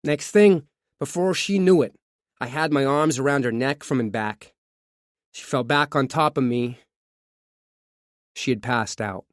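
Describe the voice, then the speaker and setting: A man's voice: medium pitch, no room sound, clean studio sound. Man reading a true crime audiobook. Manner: measured first-person reading of a confession. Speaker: audiobook narrator. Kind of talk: scripted true crime narration.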